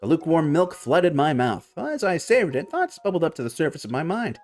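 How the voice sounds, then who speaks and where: Animated male streamer reading a game. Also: a little high, fairly quick. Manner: animated, swearing reactions between narration. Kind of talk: reading a visual novel aloud with reactions.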